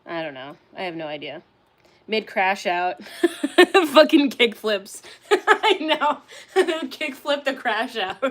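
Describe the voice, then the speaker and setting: A woman's voice: on the high side, a bit bright. A young woman casually chatting on a livestream, reading out and answering chat, candid, swearing and laughing often.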